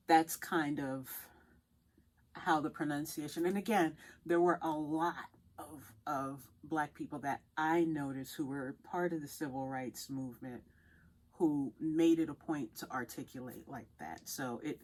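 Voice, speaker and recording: Low-voiced woman explaining thoughtfully. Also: fairly even intonation, measured pace, darkish tone. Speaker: podcast co-host. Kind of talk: casual chat.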